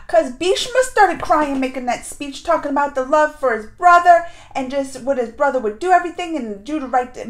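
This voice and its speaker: Woman doing a casual show reaction, high voice, gets all emotional, lots of restarts, goes quiet then loud. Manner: emotional, rambling with many restarts; animated, swings from hushed to loud. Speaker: show reviewer.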